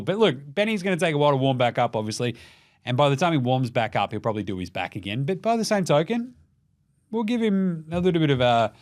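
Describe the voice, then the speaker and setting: A young Australian man hosting a casual, sweary basketball recap, joking and putting on mock voices of players. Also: fairly high pitch. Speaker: basketball podcast host.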